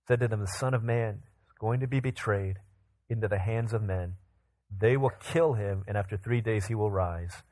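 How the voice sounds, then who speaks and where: A male pastor reading a scripture passage aloud and then explaining it in a relaxed, conversational sermon, voicing the characters' quotes with expression. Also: on the low side, moderate pace.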